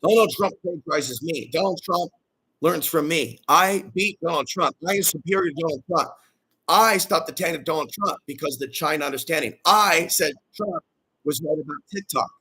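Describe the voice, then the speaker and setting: A man's voice: a little high, moderate pace, pushed and bright, husky. A male host giving a preachy, ranting livestream monologue and calling out to his audience for amens.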